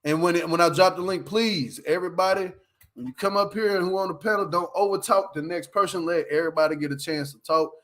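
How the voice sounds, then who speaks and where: A man's voice: sits high, fast, fairly bright tone. A man hosting a casual livestream, reviewing a reality show, laughing often as he retells scenes with lots of slang.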